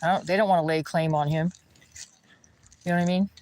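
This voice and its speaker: A man's voice: fairly high pitch, fairly even intonation, fairly quick, a little mellow, low-quality recording. A man ranting in a rambling, indignant way while walking outdoors by a pond. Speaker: vlogger.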